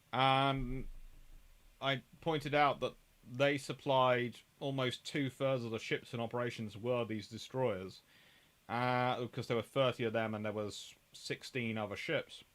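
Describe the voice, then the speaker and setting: A man's voice: medium pitch, a little slow, a bit bright. Chatty man hosting. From England. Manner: rambling and conversational, reads out viewer comments. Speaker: host. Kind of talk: live-stream chat.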